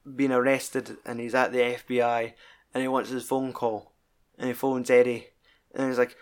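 A man's voice: mid-range voice, little pitch movement, brisk. A man co-hosting a casual film review chat, rambling and swearing heavily. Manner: rambling, heavy swearing, laughs while recalling scenes. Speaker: podcast co-host.

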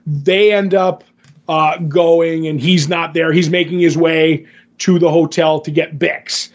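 A man co-hosting a podcast, retelling a show scene by scene in an animated, casual way. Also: a little high, measured pace, muffled recording. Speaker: podcast co-host. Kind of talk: casual podcast chat recapping an episode.

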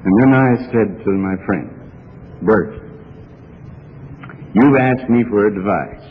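A man's voice: fairly low pitch, takes it slowly, slight background noise. Man preaching a sermon, archival and echoey. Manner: earnest storytelling with rising fervor. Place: church. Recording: archival sermon, phone-like and reverberant.

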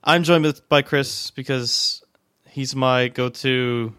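A man's voice: mid-range voice, steady tone, slow, fairly bright tone, clear, resonant tone, no room sound, clean studio sound. A man hosting a casual podcast over a video call, rambling and joking with plenty of fillers and restarts. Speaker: podcast host. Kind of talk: casual chat. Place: home room, on a video call. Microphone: desk microphone.

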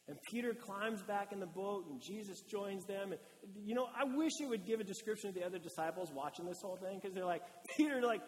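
A male pastor gives a casual, lively sermon and slips into short acted-out quotes. His voice sits high for a man. The sound carries a long reverb, as in a large church hall. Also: quick pace, hardly any pauses. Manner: conversational and animated, acting out quotes.

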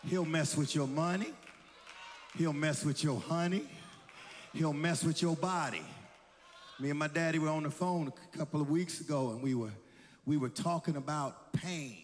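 A man in his sixties preaching a sermon, telling stories and building to shouted exhortation in a church. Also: on the high side, normal speed, long reverb tail, a little hiss or hum. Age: 60s. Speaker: pastor.

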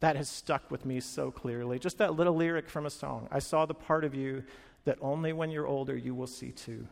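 A man preaching a sermon as a pastor, telling stories with energy, acting out quoted lines and dropping to quiet earnest moments. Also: medium pitch, steady tone, a little fast, gravelly, in a large hall.

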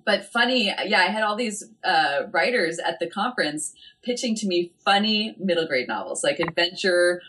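Woman, literary agent, casual interview, slightly low voice, chatty, animated. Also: normal speed, hardly any pauses. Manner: animated, chatty, many "like" and "I mean" fillers.

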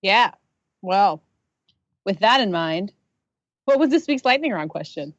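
A woman hosting a casual film podcast panel, breezy and quick to laugh. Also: mid-range voice, expressive, no echo, lo-fi sound. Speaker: podcast host.

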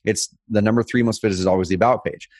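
A man co-hosting a casual business chat, telling stories with lively energy. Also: lowish voice, dry recording. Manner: energetic, fast, animated storytelling. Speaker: co-host.

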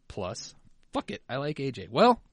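A man's voice: mid-range voice, huge pitch swings, moderate pace, no room sound. A man co-hosting a podcast, joking and swearing as he reads listener emails. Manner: joking, sweary, drops into a mutter. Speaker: podcast co-host. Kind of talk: casual banter, reading listener emails.

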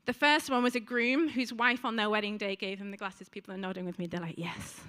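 A woman's voice: mid-range voice, steady tone, fast talker, bright, forceful tone, smooth. A woman preaching a sermon to a congregation in a church, chatty, with frequent ums and asides to the listeners.

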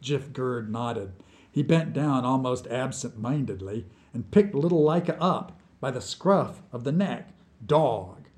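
A man reading his own short story aloud as scripted narration, with slow, deliberate storytelling. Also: mid-range voice, animated, a little mellow.

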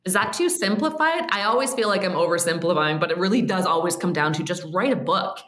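A low-pitched woman guest on a podcast, spinning animated stories in a relaxed chat full of "like" and "um". Her voice carries a roomy echo. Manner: animated, quick storytelling with frequent "like" and "um". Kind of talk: casual storytelling chat.

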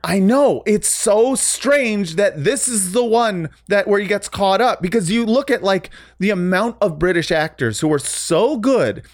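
A man co-hosting a casual podcast chat, animated and opinionated, with halting restarts. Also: sits high, no echo, clean studio sound. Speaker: podcast co-host.

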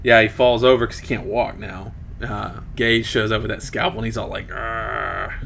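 A man's voice: fairly low pitch, brisk, slight background noise. A man casually recapping a movie plot as a podcast co-host, with wry asides. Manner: animated retelling with wry asides.

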